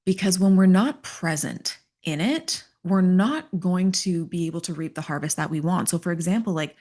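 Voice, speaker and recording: A woman's voice: fairly low pitch, normal speed, a little mellow. A middle-aged woman hosting a solo motivational podcast, talking in an earnest, emphatic coaching tone. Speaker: podcast host.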